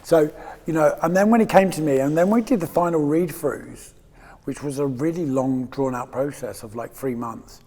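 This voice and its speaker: A man's voice: on the high side, normal speed, warm tone, long reverb tail. A man in his fifties from England, guest in a candid interview, talking in a rambling, emotional way with frequent laughs and restarts. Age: 50s.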